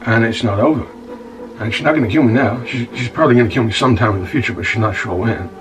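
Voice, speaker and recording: An actor playing a rough, self-pitying bar-owner scoundrel, stammering and repeating words as he tells his woes to "son". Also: mid-range voice, quick pace, recorded from a distance, natural voice, low-quality recording. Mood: aggrieved. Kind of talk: monologue in a comedy-drama web series.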